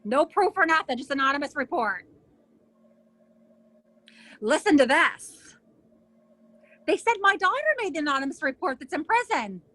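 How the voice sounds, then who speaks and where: A middle-aged woman telling her own story as an interview guest, animated and indignant, acting out what others said. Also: high-pitched, moderate pace, pauses often. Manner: animated, acts out other people's lines. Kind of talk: emotional personal storytelling.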